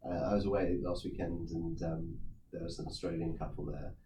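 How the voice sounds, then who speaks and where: A man's voice: sits low, level tone, brisk. A man hosting a podcast interview, conversational and affirming toward his guest. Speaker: podcast host. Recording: echoey room with faint noise.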